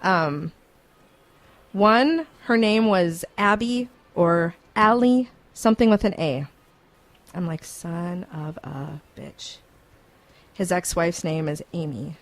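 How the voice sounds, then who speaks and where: A woman hosting a morning radio show, telling a story in an animated, chatty way. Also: on the low side, slow. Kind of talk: casual radio chat, storytelling. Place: radio studio.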